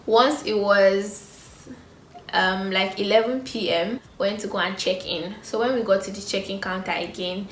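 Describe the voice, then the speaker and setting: A young Nigerian woman tells a story to camera and slips into the voices of the people in it. Her pitch sits in the middle of the usual range. The room is echoey, with a faint hum of ambience behind her. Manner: animated storytelling, acting out other people's lines. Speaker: vlogger. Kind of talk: storytime vlog.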